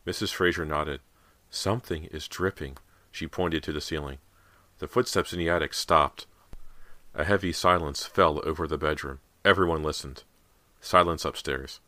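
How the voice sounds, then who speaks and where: A man reading a horror audiobook aloud with dramatic, expressive narration, on a close studio mic. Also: very deep voice, moderate pace, dry recording. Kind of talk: scripted narration.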